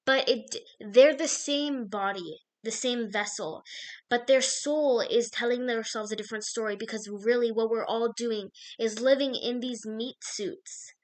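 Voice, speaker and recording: A woman gives an intuitive card reading straight to her viewer. Her talk drifts and circles, full of fillers, and she often breaks off mid-thought to start again. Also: fairly high pitch. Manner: meandering, filler-heavy, self-interrupting.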